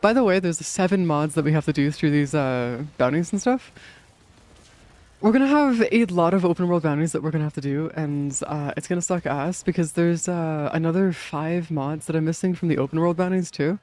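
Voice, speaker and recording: A man's voice: on the high side, a little fast, darkish tone. A young man streaming a game in casual chat, rambling with many fillers, swearing and laughing often.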